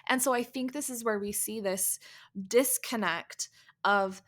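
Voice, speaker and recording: A woman's voice: on the high side, unhurried, fairly bright tone. A woman in her thirties hosting a podcast, giving a candid, conversational talk to mothers and often saying "like" and "right?". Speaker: podcast host and coach. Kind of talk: casual podcast monologue.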